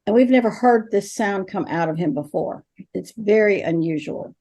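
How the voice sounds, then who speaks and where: With a mellow, medium-pitched voice at normal speed, an older woman who helps with ghosts recounts stories in an interview. She's animated throughout, acting out each line of dialogue.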